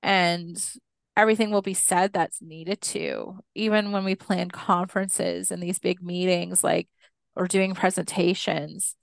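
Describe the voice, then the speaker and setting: Podcast guest, woman, animated storyteller, clear resonant tone, dry close mic. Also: on the low side, measured pace, no room sound. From Canada, Six Nations Mohawk community. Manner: animated storyteller acting out quoted dialogue, laughs often. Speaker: guest, Indigenous educator.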